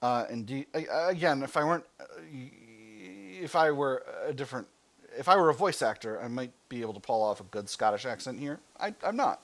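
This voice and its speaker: A man with an American accent reads a strategy game's story text in a steady, deliberate way. He then slips into loose, conversational asides, restarting and correcting himself as he plays. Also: mid-range voice, vocal fry. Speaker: gaming channel host. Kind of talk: reading game text aloud with let's-play commentary.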